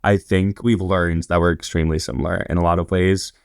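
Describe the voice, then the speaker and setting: Low gravelly young man telling stories. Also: fairly even intonation, brisk, dry recording, studio quality. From Indiana. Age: 20s. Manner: chatty, rambling with many fillers and quoted asides. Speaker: podcast guest. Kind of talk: casual interview storytelling.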